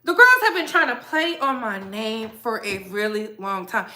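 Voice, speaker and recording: A woman's voice: on the high side, animated, unhurried, hardly any pauses, sharp tone. A woman hosting a gossip commentary vlog, blunt, emphatic and sassy in her opinions.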